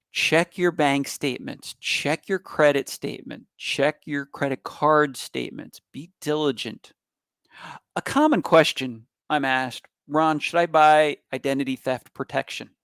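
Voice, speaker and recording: A man presents on online safety with a gravelly, creaky voice pitched a bit high. He talks in an emphatic, animated way and punches certain words hard. The sound is dry and close. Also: dry recording. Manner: emphatic and animated, with bursts of loud stress. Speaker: cybersecurity expert giving a talk. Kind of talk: public presentation.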